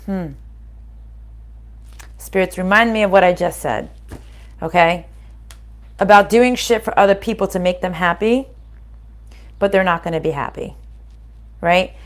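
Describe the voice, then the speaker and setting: A woman talks viewers through a spiritual card reading in a relaxed, chatty way. She sounds reassuring and keeps checking in with little "right?" and "okay?" questions as she goes. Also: fairly low pitch, measured pace, long pauses.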